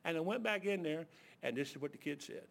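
A preacher tells stories from the pulpit in a voice a little higher than most men's. He talks in a folksy, animated way, with plenty of fillers and restarts, and he acts out the other characters as he goes. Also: fast, vocal fry. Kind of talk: storytelling sermon.

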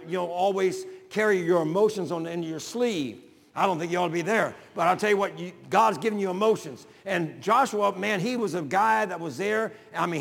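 Older pastor, gravelly and high-pitched, folksy sermon delivery in a reverberant church. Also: male voice. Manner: folksy, builds to shouting.

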